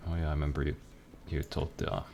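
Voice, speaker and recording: A man's voice: very deep voice, expressive, fast talker, gravelly, a little mellow, slight background noise. A young man streaming a game, chatting casually in a rambling, profane, self-deprecating way at his computer desk. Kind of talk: casual chat while gaming.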